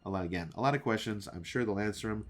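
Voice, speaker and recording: A man with a deep, low voice rants casually to his viewers about a show. He rambles, stumbles over restarts and fills gaps with "uh" and "um". He keeps throwing questions straight at the audience. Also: fast talker. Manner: rambling, with many fillers and restarts; talks to viewers directly, asking questions. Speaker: show reviewer and channel host. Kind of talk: casual ranting episode review.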